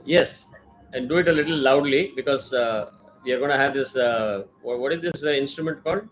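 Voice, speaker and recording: A man's voice: medium pitch, fairly quick, soft background music, low-quality recording. A man teaching a mantra in an online class, with careful pronunciation drills and many fillers. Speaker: Vedic chanting teacher.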